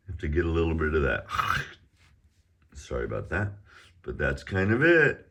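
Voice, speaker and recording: A man's voice: rumbling low, big pitch swings, unhurried, gravelly, pauses often, fairly bright tone. A middle-aged man teaching a casual online Chinese lesson at home, chatty and prone to rambling asides. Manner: sings out exaggerated tones in pronunciation drills.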